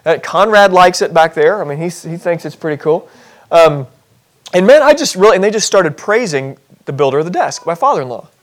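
Animated high-voiced male pastor preaching. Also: a little fast. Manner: animated, acts out voices in scenarios, self-deprecating humor. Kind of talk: sermon. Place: church.

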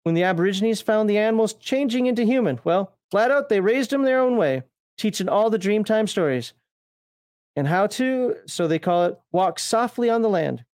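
A man's voice: high voice, expressive, rapid-fire, few pauses, mellow, no room sound, clean studio sound. A man reading a game book aloud in character, voicing a male outback survivor who tells the tale of the apocalypse. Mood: storytelling.

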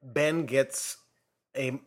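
A man in casual conversation, giving measured, slightly picky opinions about movies. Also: medium pitch, fairly even intonation. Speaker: co-host of a movie discussion. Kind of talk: casual chat.

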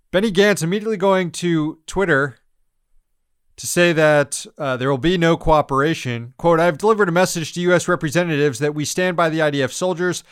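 A male podcast host with a smooth, clear voice who runs through news items in blunt, sarcastic commentary. He laughs often and swears freely. The sound is dry and close. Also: a little high, no echo.

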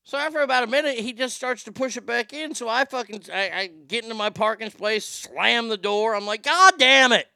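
A middle-aged man hosting a show, telling a story in a loose, profane rant. He keeps stammering and restarting, and his voice is bright and clear. The room sounds dry and close. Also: very high voice, steady tone, fairly quick, few pauses, no echo. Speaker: show host. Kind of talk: casual ranting monologue.

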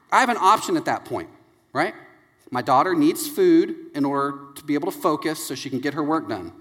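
A man in his thirties preaching a sermon, telling family stories and acting out their voices with lively energy. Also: on the high side. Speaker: pastor. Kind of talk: sermon with anecdotes. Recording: long hall reverb.

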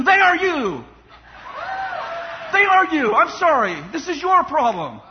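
Male pastor, very high voice, fiery sermon, reverberant hall. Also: huge pitch swings, slow, background noise. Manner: impassioned preaching, mocking voices for complainers. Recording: dull sound in a long-reverb hall.

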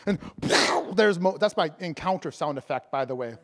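High-voiced joking male preacher. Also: expressive, brisk. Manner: jokey and conversational, laughing between points; heavy fillers and restarts. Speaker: evangelist preacher. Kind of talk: sermon.

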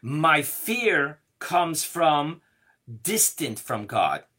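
A man teaches a lesson on Jewish mysticism at a slow, measured pace. His voice sits a little high and sounds bright and forceful. He stresses key words as he builds each point. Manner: slow, deliberate explaining with rising emphasis. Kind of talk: Kabbalah lesson.

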